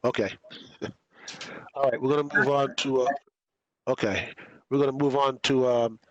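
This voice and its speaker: A man chairing a county meeting, brisk and procedural as he calls on speakers. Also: medium pitch, fairly even intonation, no echo. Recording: dull lo-fi sound.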